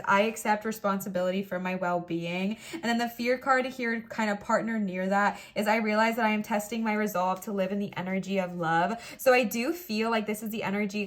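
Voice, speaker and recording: A woman's voice: mid-range voice, fairly bright tone. A young woman giving a pick-a-card tarot reading in a chatty, playful, reassuring way, sometimes acting out little quoted voices. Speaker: tarot reader.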